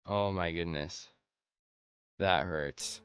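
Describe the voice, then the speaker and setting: A man's voice: low-pitched, extremely slow, a bit bright, smooth, soft background music. A man giving casual let's-play commentary, rambling and thinking aloud as he plays. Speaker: gameplay commentator.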